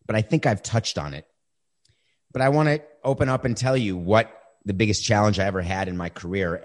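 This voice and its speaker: Middle-aged guy, deep-ish voice, blunt storyteller answering mailbag questions. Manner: direct, conversational, animated when retelling. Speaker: podcast host answering listener questions. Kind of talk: casual storytelling.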